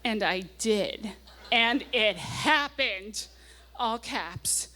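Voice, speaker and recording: Her voice sits on the high side, bright and forceful, with lively intonation and drawn-out words. A woman in her forties, she stands on a nightclub stage before an audience, reading her teenage diary aloud into a mic for laughs, adding wry asides and delivering passages with growing gusto.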